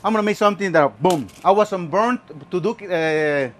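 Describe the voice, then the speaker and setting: A man's voice: sits high, moderate pace. A man hosting a home cooking show, chatting playfully through each step. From Mexico. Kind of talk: casual cooking demonstration.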